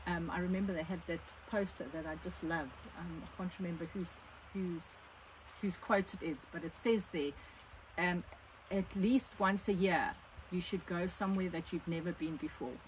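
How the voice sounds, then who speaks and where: An older woman with a South African accent co-hosting a casual question-and-answer chat, chatty and quick to add her own points. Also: fairly low pitch, steady tone, slight background noise, rough recording. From South Africa, born in Scotland. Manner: chatty, chiming in with additions. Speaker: overlanding vlog co-host. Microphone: phone propped on a wine box.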